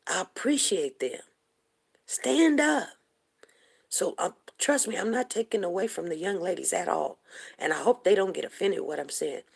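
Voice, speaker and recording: A woman's voice: lowish voice, lively intonation, fairly quick, vocal fry, slightly rough. A woman hosting a livestream show, talking heatedly and emphatically and repeating herself to drive her points home. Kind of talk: impassioned livestream commentary.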